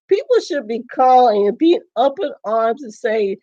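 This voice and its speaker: Woman going on a slow rambling rant, indignant, keeps laughing and restarting, muffled lo-fi sound. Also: fairly high pitch, animated, a little mellow. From United States. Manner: indignant, rambling, laughs between phrases, many restarts and repeats. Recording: dull lo-fi recording.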